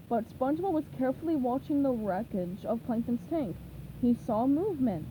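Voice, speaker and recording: A woman reads a children's novelization aloud at a slow, measured pace. Her voice is high and lively yet mellow in tone. A faint background noise runs beneath. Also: narrow, tinny audio. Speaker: reader.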